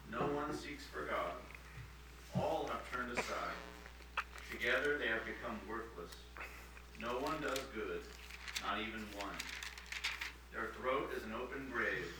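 A man in a study group reading scripture aloud in a steady, measured way. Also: mid-range voice. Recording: echoey room, far from mic, background noise.

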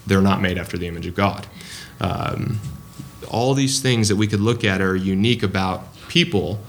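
Guy preaching a sermon, kinda low voice, chatty with ums and restarts. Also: normal speed, a little hiss or hum. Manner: conversational, with many ums and restarts.

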